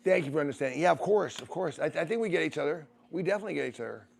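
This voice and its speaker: A man hosts a casual livestream from home, talking back to viewer comments in a rambling, animated way. His voice sits a little high and has a gravelly edge. He swears freely and laughs often as he goes. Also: very fast.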